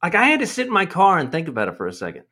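A man on a casual podcast, telling a story in an animated, exasperated way and swearing freely. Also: on the high side, very fast, slightly rough. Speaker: podcast host.

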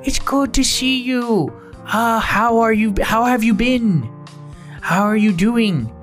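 A man voicing an eager, welcoming old male duck who is a town mayor, in a high, shouted, drawn-out voice. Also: soft background music, full character voice.

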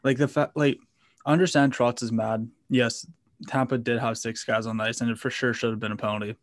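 A man's voice: mid-range voice, level tone, fairly quick. A man in casual sports talk who speaks in a level, unvaried tone. He lays out his points plainly and conversationally.

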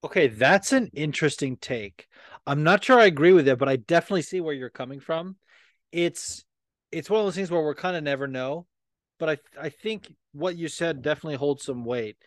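A man's voice: on the high side, lively intonation, fairly quick, no room sound. A man hosting a podcast in casual chat, rambling with lots of swearing and filler words. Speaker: podcast host.

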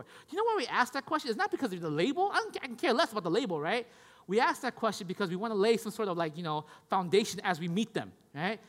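Talking fast and expressively in a high, fairly bright voice, a man delivers a conversational sermon full of casual repetition. "Right?" and "you guys get me?" come up again and again as he checks on his listeners, all inside a long hall reverb.

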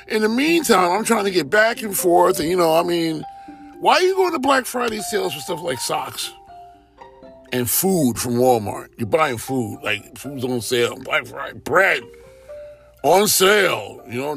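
This storyteller has a mid-range voice with vocal fry. Casual and rambling, he animatedly recounts everyday stories, performing what other people said.

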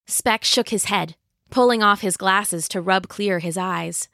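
A woman narrating a young adult novel in a measured, dramatic storytelling manner. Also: mid-range voice, sharp tone, no echo, clean studio sound. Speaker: audiobook narrator. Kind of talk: scripted narration.

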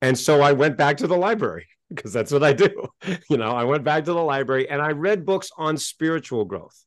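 Animated middle-aged man, dry close sound. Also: a little high, fairly quick, dry recording. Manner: animated and emphatic, gets worked up. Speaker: interview guest. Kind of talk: storytelling in a podcast interview.

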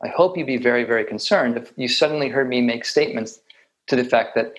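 A man giving a reflective meditation talk with light humor, often pausing and restarting his sentences. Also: medium pitch, low-quality recording. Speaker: meditation teacher.

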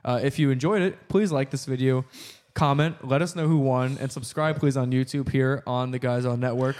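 A male podcast host chatting casually with friends. He is quick to laugh. He runs the outro in a loose, easygoing way. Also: fairly even intonation, darkish tone. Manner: laughs easily, wraps up with a quick sign-off pitch.

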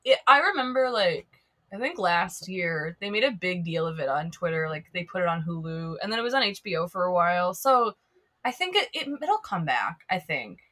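Lively, bright-voiced woman from Minnesota, chatty. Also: fairly low pitch, normal speed. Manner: chatty, giggly, many "like" fillers. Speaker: podcast guest, staff writer. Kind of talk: casual film chat.

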